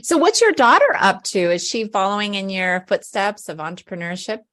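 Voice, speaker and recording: A woman's voice: mid-range voice, big pitch swings, fairly quick, fairly bright tone. A woman hosting a podcast interview, speaking in a reflective, appreciative way. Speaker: podcast host.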